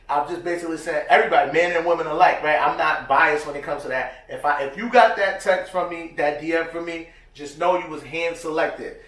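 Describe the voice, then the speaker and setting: Animated slangy man in an echoey room. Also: on the high side, brisk, hardly any pauses. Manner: animated storyteller, slangy, acts out quotes. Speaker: podcast co-host. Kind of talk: casual chat. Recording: echoey room, distant mic.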